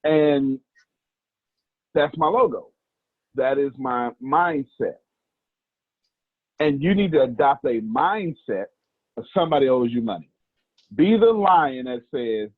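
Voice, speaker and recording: Man, motivational speaker, fiery and preachy, husky voice, tinny phone-like sound. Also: expressive, slow, pauses often, dry recording. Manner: fiery, preachy, emphatic with big pitch swings. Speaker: business speaker. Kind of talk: motivational talk.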